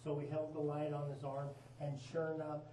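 A man with a fairly high voice tells ghost stories to a tour group in a folksy, dramatic way. He sounds far from the microphone, and his voice echoes off the walls of a mine tunnel. Steady noise hisses underneath. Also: fairly quick. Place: inside an old mine tunnel.

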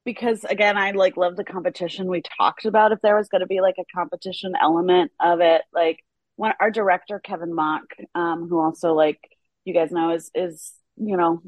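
A woman's voice: lowish voice, fairly even intonation, fairly quick, no echo. A woman TV writer, a podcast guest, chatting casually with lots of fillers and frequent laughs. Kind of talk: casual interview chat.

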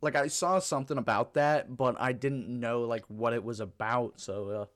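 Male podcast co-host, mid-pitched, laid-back, teasing, laughs easily. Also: normal speed, fairly bright tone. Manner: easygoing, laughs often, teasing. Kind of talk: casual chat.

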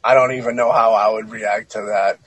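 A man's voice: on the low side, little pitch movement, fairly quick, fairly bright tone, slightly rough, dry recording, rough recording. A man co-hosting a podcast, reading a spooky story and then joking about it bluntly, with frequent swearing. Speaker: podcast co-host. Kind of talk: casual chat, reading a story aloud.

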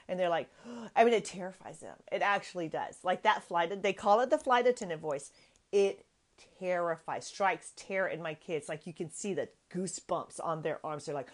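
A woman's voice: mid-range voice, animated, moderate pace. A woman in her thirties with a mid-range voice hosts a parenting podcast in a chatty, motivational way. She leans hard on her main points and says them over again for effect. Her tone stays earnest and conversational. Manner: emphatic, repeats key phrases, conversational and earnest. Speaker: podcast host.

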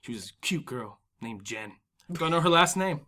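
A man's voice: fairly high pitch, moderate pace. A man in his twenties hosting a podcast in casual chat, rambling through stories with lots of filler words and jumping into comic voices. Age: 20s. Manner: animated, slips into comic voices. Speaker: podcast host.

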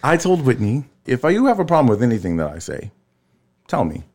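A man in his thirties telling a family story in casual chat, tired, swearing freely and leaping up in pitch when he quotes people. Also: brisk. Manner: animated storyteller, swears freely, jumps high when quoting. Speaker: podcast co-host.

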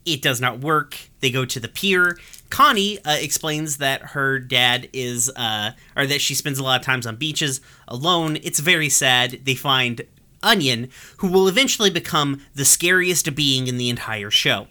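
A podcast host talking through an episode in loose, casual chat, full of "like" and "um" and quick to laugh. The voice is bright and crisp, with easy swearing and animated outbursts. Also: mid-range voice. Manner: chatty with many fillers and restarts.

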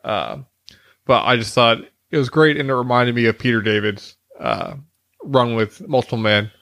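A man's voice: mid-range voice, moderate pace, vocal fry, fairly bright tone, no echo. A man co-hosting a podcast in casual chat, rambling and hesitant, with lots of fillers. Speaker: podcast co-host.

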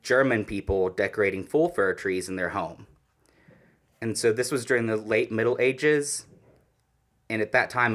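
A man's voice: lowish voice, fairly bright tone. A man co-hosting a podcast, chatting casually about history with opinionated, swearing asides. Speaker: podcast co-host.

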